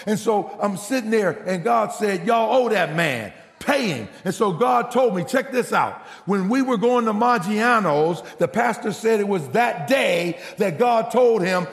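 Male pastor, fairly high gravelly voice, animated storytelling sermon, reverberant hall. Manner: animated, acts out dialogue with big pitch swings.

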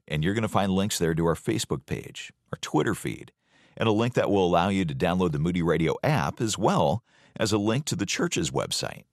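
Man, radio announcer, scripted promo, smooth, very low voice, dry studio sound. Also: no room sound.

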